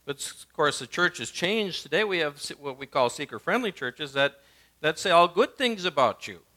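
A male pastor, preaching a sermon and swinging from emphatic lines to hushed ones. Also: a little high, very animated, moderate pace.

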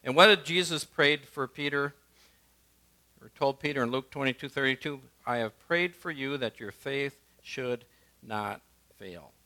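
A male pastor, preaching a sermon and swinging from emphatic lines to hushed ones. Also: mid-range voice, unhurried.

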